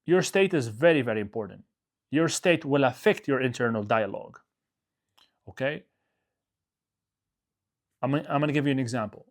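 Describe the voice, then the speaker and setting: A man's voice: mid-range voice, expressive, moderate pace, pauses often. A male coach giving a motivational talk to his audience, emphatic, repeating his phrases and often checking in with "okay?".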